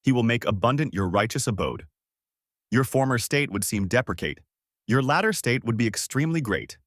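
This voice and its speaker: A man reading the part of a stern friend who rebukes another, in a solemn, measured way. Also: medium pitch, animated, fairly bright tone, no room sound, clean studio sound. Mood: rebuking.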